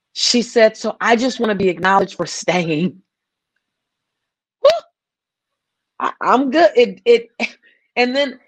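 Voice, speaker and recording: In an interview, a woman filmmaker speaks passionately in a mid-range voice, often restarting and repeating her phrases. There's no echo.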